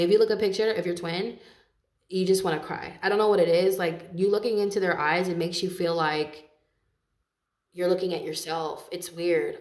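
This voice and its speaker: A woman with a fairly low voice talks through a tarot reading in a loose, chatty way, swearing freely and laughing often. The sound bounces around an echoey room. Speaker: tarot reader.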